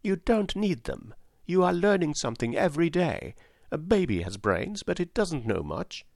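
Casting: a man playing a meek old fraud wizard, gravelly, lively lilt, storybook reading. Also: on the high side, moderate pace, no room sound, studio quality, voice pushed up. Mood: reassuring. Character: humble old humbug wizard, gentle and apologetic.

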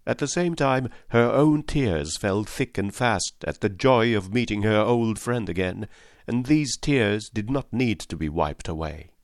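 Low-voiced man reading a storybook. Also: animated, a little slow, no room sound, clean studio sound. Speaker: audiobook narrator. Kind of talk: scripted storybook narration.

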